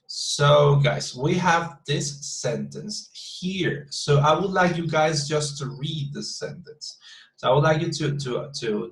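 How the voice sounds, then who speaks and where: A male English teacher with a Spanish accent, a Spanish speaker, leading an online class in a halting way, with many repeated words and fillers. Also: fairly high pitch, reverberant, rough recording.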